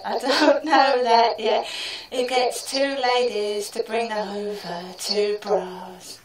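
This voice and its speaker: A woman with a British accent half-singing a rambling comic song as she tells her story. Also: mid-range voice. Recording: echoey room, far from the mic.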